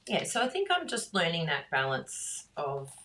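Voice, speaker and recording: A middle-aged woman, hosting a craft class and chatting in a rambling, warm way that breaks into laughs. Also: on the low side, wildly swooping pitch, moderate pace, distant mic, a little hiss or hum. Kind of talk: chatty talk while crafting.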